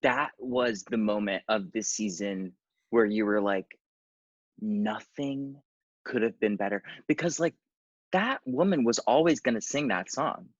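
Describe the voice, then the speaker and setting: A man's voice: fairly low pitch, lively intonation, measured pace, breathy edge, no room sound. Sarcastic man on a dull lo-fi line. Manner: sarcastic, dishy. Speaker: guest co-host. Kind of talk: casual chat.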